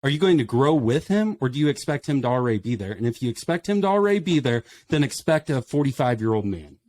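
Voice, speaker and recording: A man's voice: mid-range voice, very animated, quick pace, a little mellow, dry recording. A man in a casual podcast discussion, speaking with passion and firing off emphatic rhetorical questions. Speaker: podcast panelist.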